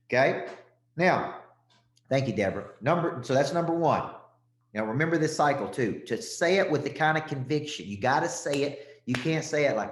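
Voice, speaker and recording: A man's voice: a little high, expressive, moderate pace. A middle-aged man from Tennessee, coaching a live audience on sales closes in a punchy, emphatic way, checking in often with "okay?". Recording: echoey room.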